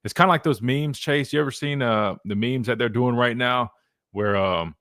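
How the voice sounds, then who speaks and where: A man's voice: mid-range voice, moderate pace, a bit bright, dry recording, clean studio sound. A man in his thirties hosting a sports talk radio show, rambling casually and tossing in "man" a lot. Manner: laid-back, rambling, lots of "man". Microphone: studio mic.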